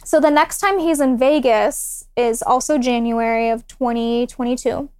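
A young woman with a high, clear, smooth voice tells a personal story on a podcast. She talks in a relaxed, chatty way and acts out other people's lines as she goes. The sound is close and dry. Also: normal speed, no echo. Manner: animated, acts out quoted dialogue. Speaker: guest. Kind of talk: casual storytelling.

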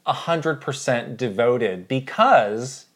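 A man co-hosting a podcast, reviewing a movie in a relaxed, casual way and thinking out loud. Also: medium pitch, slow pace. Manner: relaxed, thinks aloud, quotes his own reactions. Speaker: podcast co-host.

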